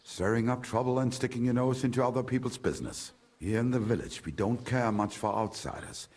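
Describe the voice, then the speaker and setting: An actor playing a grumbling middle-aged village trader in a video game, with a German accent, wary of outsiders. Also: male voice, mid-range voice, fairly quick, darkish tone, close to an everyday voice. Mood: gruff.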